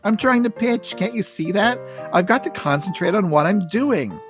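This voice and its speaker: A man's voice: mid-range voice, expressive, moderate pace, music in the background, close to an everyday voice. A man reading a comic strip aloud and giving the lines of Charlie Brown, a fretful, put-upon young boy. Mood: exasperated. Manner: exasperated, scolding.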